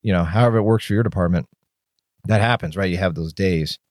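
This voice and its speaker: A man with a low, deep voice talks straight to the listener in a solo podcast. He is blunt and candid and swears casually as he rambles through his thoughts. The recording is dry and close. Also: quick pace, darkish tone, no room sound. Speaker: podcast host and firefighter.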